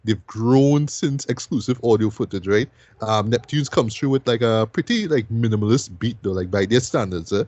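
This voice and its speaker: A man's voice: medium pitch, moderate pace, a little mellow, no room sound. A man hosting a music review show, talking loosely and casually and ending most sentences with "right?".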